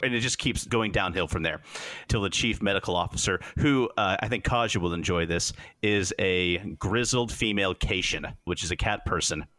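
A man hosting a casual podcast chat, reviewing a show as an animated storyteller who acts out the scenes. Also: low voice, normal speed, dry recording.

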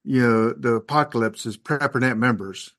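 A man's voice: mid-range voice, normal speed, a bit bright. A man hosting an interview, asking rambling questions. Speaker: host. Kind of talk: casual interview.

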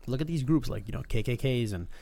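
Fast-talking gravelly man in casual chat. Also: mid-range voice, animated, dark tone, dry recording. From Canada. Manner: rambling, many fillers.

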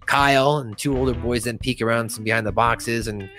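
A man hosting a casual podcast, talking through a cartoon episode with plenty of energy. He jumps up into a raised voice whenever he reads out a character's line. Faint music plays quietly behind him. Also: mid-range voice, brisk. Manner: animated, quotes cartoon lines in a raised voice. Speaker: podcast host.

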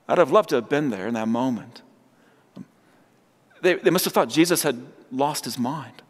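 A man's voice: mid-range voice, lively intonation, moderate pace, long pauses. A man preaching a sermon, telling stories and acting out the voices of the people in them. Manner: storytelling, acts out quoted voices. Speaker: pastor. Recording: long hall reverb.

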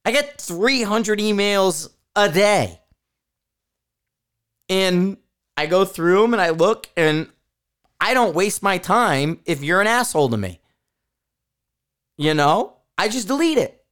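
A man's voice: high voice, animated, takes it slowly, long pauses, fairly bright tone, clean tone. A man hosting a podcast, talking casually in a blunt, profane, rambling way with frequent restarts. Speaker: podcast host. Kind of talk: casual solo podcast rant.

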